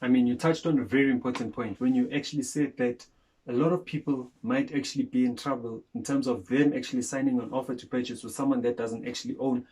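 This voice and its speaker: A man's voice: mid-range voice, steady tone, quick pace, darkish tone, husky, poor audio. A man from South Africa co-hosting a casual chat, explaining property transfers point by point and leaning on "actually" and "so now.". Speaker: co-host.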